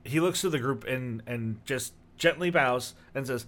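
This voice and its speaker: A man narrating as game master in a tabletop game, describing scenes in a relaxed, rambling way with many fillers. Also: medium pitch, moderate pace.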